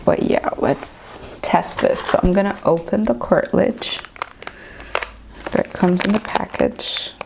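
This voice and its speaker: Woman, 20s, home vlogger, candid and jittery; low gravelly voice, noisy room recording. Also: takes it slowly. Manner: nervous, candid, complaining of pain. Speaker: beauty vlogger. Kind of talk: casual vlog talk to camera. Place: at home indoors.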